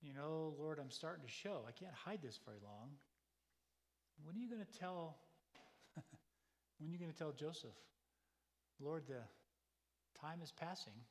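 A man's voice: fairly high pitch, expressive, a little slow, long pauses. A man voicing an anxious young woman pleading with God. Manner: worried, pleading questions. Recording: long hall reverb.

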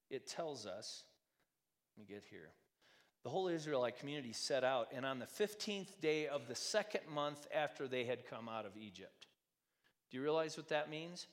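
Preaching man in a reverberant hall. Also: mid-range voice. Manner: conversational preaching, rhetorical questions, swings loud and soft. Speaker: pastor. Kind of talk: sermon.

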